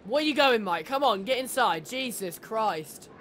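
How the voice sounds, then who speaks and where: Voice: mid-range voice, expressive, measured pace, fairly bright tone, slight background noise. Jokey, swearing let's-play gamer. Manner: jokey, swearing, laughs often. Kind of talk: casual let's-play commentary.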